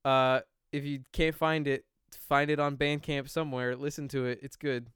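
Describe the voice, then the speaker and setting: A man's voice: medium pitch, flat delivery, normal speed, a bit bright, smooth, no echo. A young man hosting a casual podcast, joking drily and wrapping up the show. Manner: dry, joking interjections. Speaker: podcast host. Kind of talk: casual chat.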